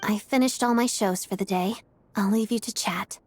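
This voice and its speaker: A woman's voice: mid-range voice, normal speed, a little hiss or hum, close to an everyday voice. An actress voicing a proud, reserved female stage performer in a video game, cool and dry.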